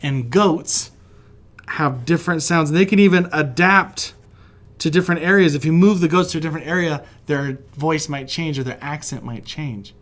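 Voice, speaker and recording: Teaching children to draw while he sketches, this West Virginia man sounds fairly high-pitched and fairly bright, keeping a moderate pace. He's chatty and upbeat, encouraging the kids and laughing frequently.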